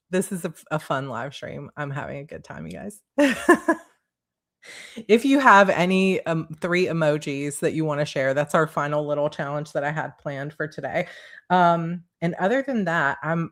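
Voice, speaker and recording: A woman's voice: low voice, a bit bright. A woman author hosting a casual livestream, bubbly and giggly, reading viewer comments aloud.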